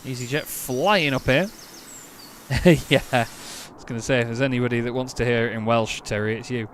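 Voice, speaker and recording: A man from England talks casually on a live stream, thinking aloud and slipping into crisp, clipped radio-controller phrasing. His voice sits at an ordinary pitch, with a faint hiss of background noise under the desk microphone. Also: moderate pace, fairly bright tone. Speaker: streamer playing an air traffic control game.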